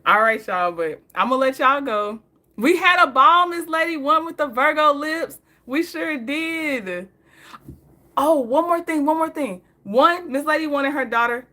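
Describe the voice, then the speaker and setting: Here a woman with a fairly high, sharp-toned voice shares stories as a vlogger. It's casual story time: chatty, full of laughter, and aimed directly at the people watching.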